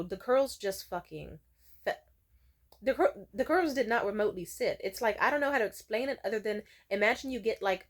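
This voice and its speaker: A woman vlogger chatting through a storytime, blunt and profane. Her telling rambles, full of restarts and asides, in a plain everyday voice. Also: medium pitch. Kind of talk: casual storytime chat.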